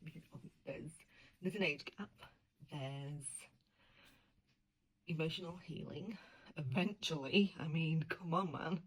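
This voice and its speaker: A woman's voice: low-pitched, unhurried, pauses often, poor audio. A woman book editor in a casual vlog who talks animatedly, swears freely and often drops into whispers. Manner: animated, profane, slips into whispers.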